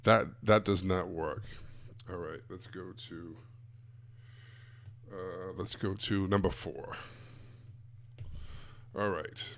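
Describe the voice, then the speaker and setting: A man's voice: sits low, steady tone, takes it slowly, long pauses. A man giving a blunt, casual live-streamed coaching talk to sales coaches, full of emphatic asides.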